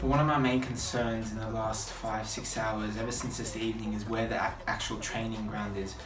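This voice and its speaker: Young man vlogging in a roomy hotel room. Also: medium pitch. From Australia. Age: 20s. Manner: thinking aloud, chatty and hopeful. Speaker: footballer vlogger. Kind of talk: casual vlog talk to camera. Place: hotel room at night, indoors. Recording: roomy, distant camera audio with music.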